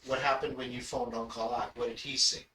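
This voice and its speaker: A man gently prompting a relative with questions and filling in details, in a casual family conversation. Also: medium pitch, level tone, brisk. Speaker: family member prompting the storyteller. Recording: echoey room, voice from a distance, background hum.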